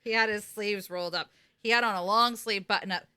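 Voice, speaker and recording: Woman, casual podcast co-host, bright voice, lively retelling. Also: mid-range voice, fairly quick, clean tone. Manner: animated, acts out characters in quotes. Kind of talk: casual recap chat.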